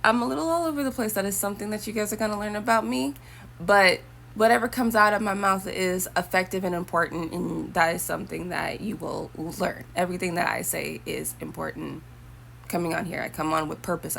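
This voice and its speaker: A woman's voice: fairly low pitch, vocal fry, fairly bright tone, a little hiss or hum. A young woman talking casually to her viewers, rambling and chatty with preachy asides. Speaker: vlogger. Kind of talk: casual talk to camera.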